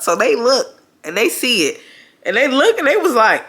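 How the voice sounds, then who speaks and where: Lively profane woman storyteller, bright voice. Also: medium pitch, normal speed. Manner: animated, profane, laughing through the story. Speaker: storytime vlogger. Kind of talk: casual storytelling.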